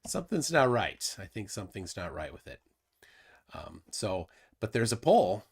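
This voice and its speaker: A man's voice: fairly low pitch, very animated, normal speed, vocal fry, slightly rough. A man hosting a live stream in casual chat, rambling with many restarts and fillers. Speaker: livestream host.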